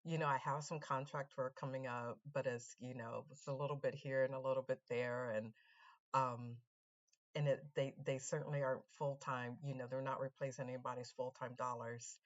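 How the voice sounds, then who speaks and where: A woman with a notably low voice tells a story to her viewers in a relaxed, chatty vlog. She talks animatedly, circles back and repeats her points, and speaks to the audience directly. The sound is a little dull and lo-fi. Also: moderate pace. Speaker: vlogger. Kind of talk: casual storytelling to camera.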